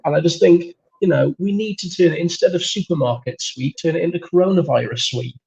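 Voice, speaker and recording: Gravelly man riffing mock-indignantly. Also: on the high side, brisk, a little mellow, poor audio. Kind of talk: comedy chat.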